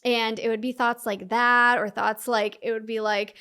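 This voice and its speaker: A young woman telling her personal story as a podcast guest, talking fast with many fillers and acting out her past self's inner voice. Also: fairly high pitch, little pitch movement, pushed and bright.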